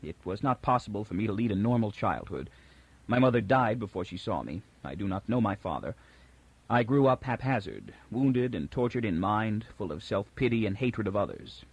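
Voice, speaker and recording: A man voicing a calm, commanding mutant villain. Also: fairly low pitch, moderate pace, breathy edge, no echo. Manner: tolerant, controlled, quietly menacing.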